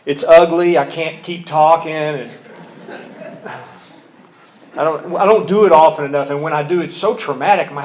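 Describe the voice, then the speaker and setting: A man's voice: on the high side, steady tone, normal speed, pauses often, slight background noise. A man from Oklahoma telling his story at a recovery meeting, candid and self-deprecating with humor, at a podium mic. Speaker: AA speaker.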